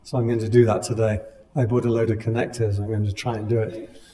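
A man giving a dharma talk to a meditation class, speaking in a calm, conversational way with gentle humor. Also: fairly low pitch, fast talker, slight background noise. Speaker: meditation teacher. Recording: long hall reverb.

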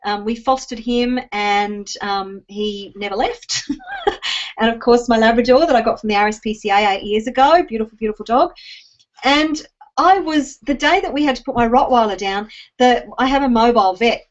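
An Australian woman with a slightly high voice tells a personal story, teary and halting, full of ums and restarts. The sound is dull and lo-fi, like a home recording. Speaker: speaker addressing an online audience. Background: rain.

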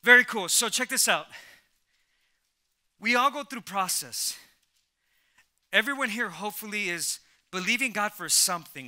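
A man preaching to a church congregation in a high, ringing voice with a very bright, forward tone. He prompts the crowd to repeat lines after him, often restarting his phrases and swinging from soft asides to loud calls. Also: clean tone. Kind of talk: energetic sermon with call and response. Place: church service before a congregation.

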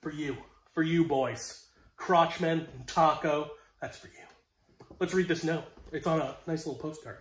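A man's voice: on the high side, moderate pace, reverberant. A young man from the United States chatting casually as he unboxes collectibles, rambling and self-deprecating with frequent restarts. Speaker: collectibles vlogger.

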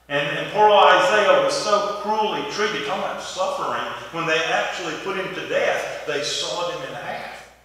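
A man preaching from the pulpit in a loose, folksy storytelling manner. His voice sits a bit high and sounds bright. He is picked up from a distance in a big church, so long echoes trail behind every phrase. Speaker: pastor. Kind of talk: sermon. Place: church sanctuary. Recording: echoey hall from far off.

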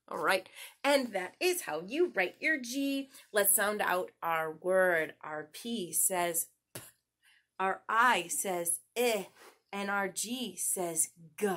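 A woman hosting a children's story time, teaching letter sounds and singing nursery songs in an animated, sing-song way, talking straight to the kids. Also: medium pitch, slow.

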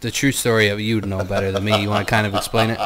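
A man's voice: fairly low pitch, flat delivery, fast talker, crowd noise. Joking man on a podcast. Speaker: podcast co-host. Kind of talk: casual chat.

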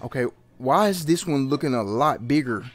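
A man giving excited, trash-talking commentary while playing a fighting game, yelping and laughing often. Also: medium pitch, moderate pace. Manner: animated, yelps and laughs, trash-talks the opponent. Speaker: gaming channel host.

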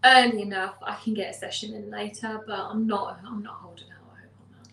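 A woman's voice: mid-range voice, steady tone, a little fast, vocal fry, pushed and bright. A woman co-hosting a live stream, blunt and teasing in casual chat. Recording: echoey room, a little far from the mic.

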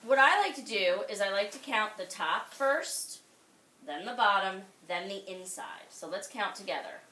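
A woman's voice: mid-range voice, lively intonation, normal speed, pushed and bright, far from the mic. A woman teaching a second grade class, quizzing the children by name and praising them patiently. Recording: echoey classroom, voice off-mic.

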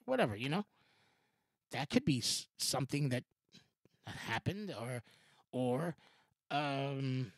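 A gravelly man rambling on a podcast. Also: a little high, a bit bright, no echo, clean studio sound. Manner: rambling, many restarts and fillers, swears, laughs often. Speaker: podcast host. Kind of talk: casual rambling commentary.

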